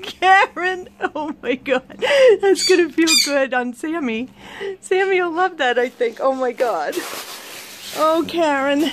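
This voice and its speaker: A high-voiced woman gushes her way slowly through a gift box on a casual vlog, laughing often. The home recording is noisy, with animal sounds behind her. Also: expressive. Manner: giggly, gushing, bursts into laughing fits. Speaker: vlogger opening a gift box.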